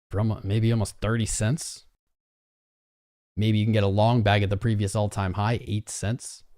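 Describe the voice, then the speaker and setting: A man with a lowish voice that jumps around a lot, hosting a live trading stream. He hypes up his chat and reels off viewer names in quick succession. His talk swings between loud bursts and low asides. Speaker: livestream host.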